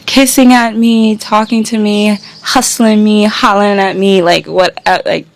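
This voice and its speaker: A woman's voice: mid-range voice, fairly even intonation, unhurried, gravelly. Blunt, exasperated woman vlogger. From United States. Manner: exasperated, blunt, swears, acts out men's catcalls. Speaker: traveller. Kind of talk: candid vlog storytelling.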